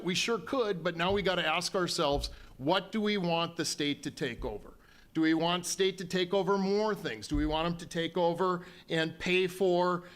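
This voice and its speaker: A man's voice: sits high, fairly bright tone. A man, a county official answering questions at a town hall in a folksy, conciliatory way with frequent ums and restarts. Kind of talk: public town hall remarks.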